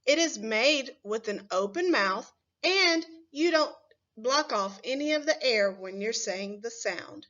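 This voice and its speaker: A woman teaching a first grade phonics lesson, sounding out words slowly and clearly and asking the children questions. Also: on the high side, lively intonation, a bit bright, highs cut off.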